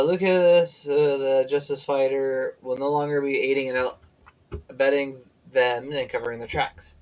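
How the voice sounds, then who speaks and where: A man's voice: mid-range voice, rough recording. A tired man streaming a game, reading its dialogue aloud with slips and self-corrections, breaking off to chat and yawning.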